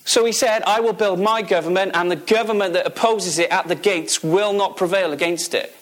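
A man's voice: high voice, steady tone, fairly quick, a bit bright. A man preaching a sermon, emphatic, asking the audience questions and repeating key phrases.

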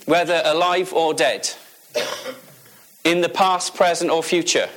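A man's voice: fairly high pitch, fairly even intonation, unhurried, fairly bright tone. A man preaching a sermon, emphatic, asking the audience questions and repeating key phrases.

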